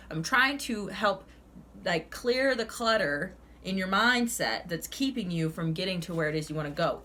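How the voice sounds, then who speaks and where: A woman's voice: medium pitch, bright, forceful tone, a little hiss or hum. A young woman doing a casual tarot reading, ranting and swearing heavily with lots of energy. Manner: ranting, heavy swearing, fired up. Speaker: tarot reader.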